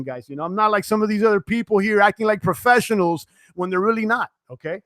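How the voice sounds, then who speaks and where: High-voiced man hosting a casual live stream. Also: fast talker, few pauses, sharp tone, no echo, clean studio sound. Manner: casual, many fillers and restarts. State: sweating, tiring. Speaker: crypto live-stream host. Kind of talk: live-stream chat reading viewer comments.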